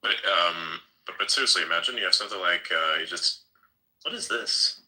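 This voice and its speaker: A man's voice: low-pitched, a little fast, bright, forceful tone, rough recording. A man chatting casually, stumbling over and repeating words, swearing now and then. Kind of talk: casual chat.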